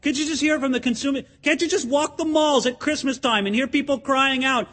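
A man's voice: very high-pitched, fairly quick, few pauses, a bit bright. A male pastor preaching a sermon, pressing his point with rhetorical questions to the congregation and acting out crowd chants and quotes.

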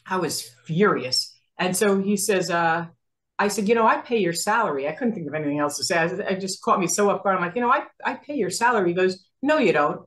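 A woman's voice: fairly low pitch, a little fast. A woman in her sixties from New Jersey, telling a story as a guest in a casual interview and acting out the dialogue, laughing often. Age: 60s. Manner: animated, acts out quoted dialogue, laughs often.

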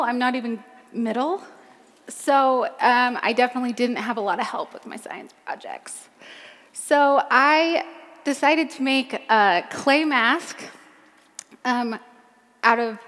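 On stage before a crowd, a woman who founded a makeup line gives a personal keynote talk, chatty and full of ums. Her fairly high, somewhat bright voice is a little cracked from screaming, and it carries through a large hall.

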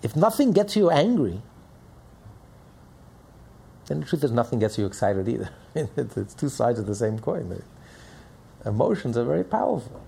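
A man's voice: medium pitch, big pitch swings, brisk, vocal fry, mellow, slight background noise. A man teaching a Torah lecture as a rabbi, emphatic and repeating phrases as he builds each point.

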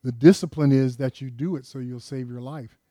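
A man's voice: medium pitch, steady tone, a little fast, dark tone, no echo, studio quality. An older man preaching a sermon with emphasis, often putting questions to his congregation. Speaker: pastor.

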